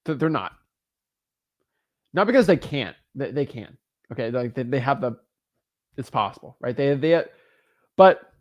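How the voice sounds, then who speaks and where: A man's voice: on the high side, darkish tone. Emphatic man coaching on a livestream. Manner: emphatic, motivational, casual. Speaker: real estate wholesaling coach. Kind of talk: livestream chat answering viewer comments.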